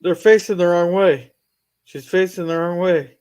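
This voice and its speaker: Chatty man with a higher voice. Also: normal speed, darkish tone, smooth. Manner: chatty, asks questions. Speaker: panelist. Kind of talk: casual chat.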